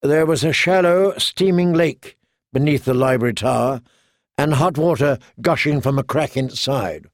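Gravelly male fantasy audiobook narrator. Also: mid-range voice, dry recording, studio quality. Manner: measured storytelling.

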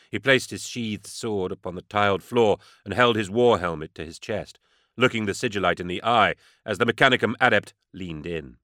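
A man reading scripted narration in a steady, measured storytelling manner. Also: on the low side, no echo, clean studio sound. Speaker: audiobook narrator.

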